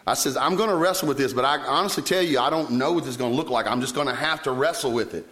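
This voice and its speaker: A man, preaching a sermon as a pastor, telling personal stories with sudden leaps up in pitch when he quotes himself. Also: quick pace, a bit bright. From Virginia, US.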